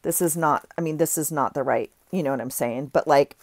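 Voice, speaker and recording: A woman's voice: deep voice, brisk, a little mellow, no room sound. A middle-aged woman gushing over craft finds in a rambling, casual haul chat, often breaking off mid-sentence. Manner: gushing, rambling, self-interrupting. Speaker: craft vlogger.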